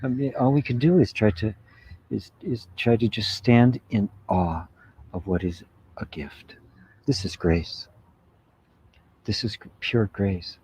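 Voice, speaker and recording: A man giving a spiritual satsang talk, reflective and unhurried, often asking "right?" and laughing softly. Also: medium pitch, breathy edge. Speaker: spiritual teacher. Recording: dull lo-fi sound.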